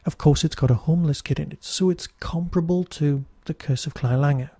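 Chatty Geordie man with a husky voice. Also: a little high, a little fast, warm tone, no echo, studio quality. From Newcastle, England. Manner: chatty, wry, digressive. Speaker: podcast host. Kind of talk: casual review monologue.

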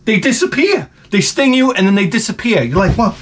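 A man's voice: brisk, hardly any pauses. A man ranting casually to the camera, profane and wry, acting out quotes as he tells funny stories. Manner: animated storytelling, acts out quotes in a high voice. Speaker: vlogger. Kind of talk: casual comedic rant.

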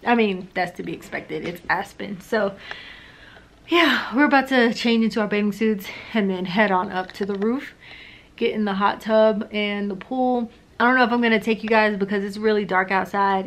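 A woman's voice: mid-range voice, a bit bright. A woman chatting casually to her camera in a travel vlog, loose and full of fillers. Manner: chatty, filler-heavy, talks straight to camera. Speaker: vlogger. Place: hotel room and ski resort.

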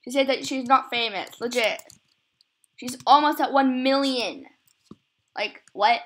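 Slightly slow and high-voiced, this young woman chats casually while recording gameplay, with slight background noise. She rambles and keeps giggling and laughing at herself.

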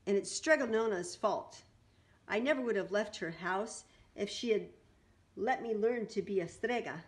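A woman voicing a big, clumsy, greedy young man in a storybook, speaking loudly and eagerly in a raised voice. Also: normal speed, close to an everyday voice. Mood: sulking. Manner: loud, eager, high-pitched.

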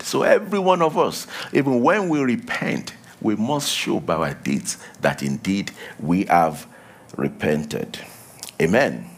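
Emphatic male preacher with lively pitch. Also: unhurried, husky. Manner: emphatic, repeats key lines, drops to a low hush for warnings. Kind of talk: sermon.

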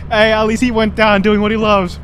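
A woman streamer chatting while playing a co-op game, excitable, swearing and laughing. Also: mid-range voice, brisk. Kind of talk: casual gaming chat. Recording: game noise underneath.

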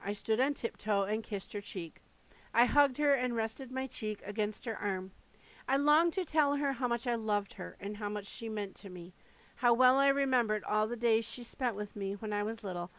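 A woman reading a first-person memoir aloud in a steady, measured way. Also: mid-range voice, dry recording, low-quality recording. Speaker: audiobook reader.

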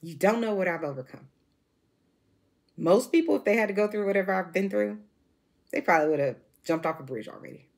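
A vlogger in her forties speaks fast to camera in a lowish, expressive voice. Her monologue is emotional and emphatic, full of repetition and restarted sentences.

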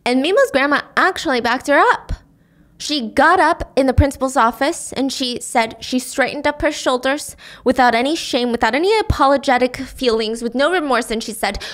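A woman podcast host retelling a story in a chatty, animated way, often laughing. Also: high-pitched, moderate pace. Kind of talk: casual storytelling recap.

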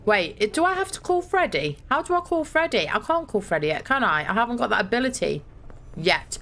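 In a sing-song, medium-pitched voice with a sharp edge, a young female gaming streamer talks through a horror game at a moderate pace. She thinks out loud as she plays, cursing and getting fed up along the way.

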